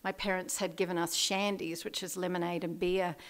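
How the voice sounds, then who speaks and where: A woman's voice: fairly low pitch, level tone, fairly quick. Candid woman in a very echoey hall. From Australia. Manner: candid, laughs often, many fillers. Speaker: AA meeting speaker. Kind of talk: personal recovery story. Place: meeting hall.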